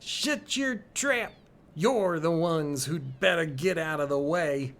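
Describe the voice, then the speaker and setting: A man voicing a cocky young woman fighter with a put-on Australian accent, high and loud. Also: slow pace.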